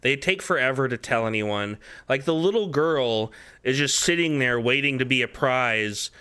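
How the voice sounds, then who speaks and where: A man's voice: mid-range voice, lively intonation, moderate pace, pushed and bright, smooth. A man co-hosting a casual movie podcast, rambling and laughing often as he picks apart a film. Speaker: podcast co-host.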